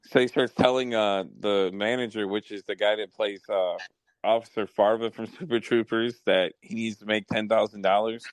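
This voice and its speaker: A man's voice: on the low side, steady tone, normal speed, dry recording. A man hosting a podcast, telling stories in profane, rambling casual chat. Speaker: podcast host.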